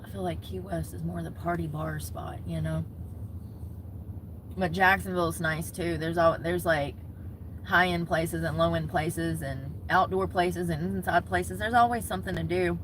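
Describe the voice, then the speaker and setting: A young woman, chatting casually to camera as a vlogger, gossipy and animated. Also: fairly low pitch, normal speed, noisy background. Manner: chatty, gossipy, talks with her hands in words like "y'all" and "homegirl".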